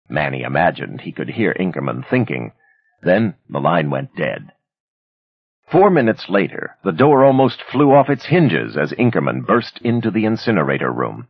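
A man narrating a thriller with a dramatic, expressive reading. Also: rumbling low, normal speed, creaky, slightly rough, dry recording, dull audio. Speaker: audiobook narrator. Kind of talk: scripted narration.

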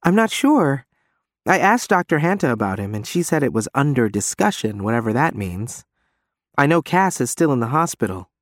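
A man's voice: mid-range voice, very animated, moderate pace, dry recording, clean studio sound. A man reading as a wry young woman narrator, speaking her lines in a raised voice.

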